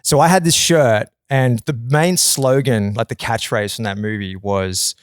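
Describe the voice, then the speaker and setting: A man's voice: mid-range voice, measured pace, clean tone, no echo, studio quality. A man, hosting a podcast and telling rambling, jokey stories full of tangents. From Australia. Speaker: podcast host. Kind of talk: casual comedic chat.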